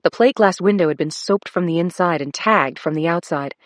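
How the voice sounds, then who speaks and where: Woman, audiobook narrator, low voice, dry close sound, steady and measured. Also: dry recording. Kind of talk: scripted first-person thriller narration.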